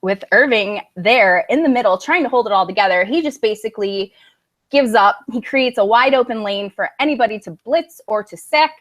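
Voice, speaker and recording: Radio co-host, woman, somewhat high voice, blunt talk about football. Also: animated, normal speed. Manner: blunt, laughing, plainspoken. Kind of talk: casual sports talk.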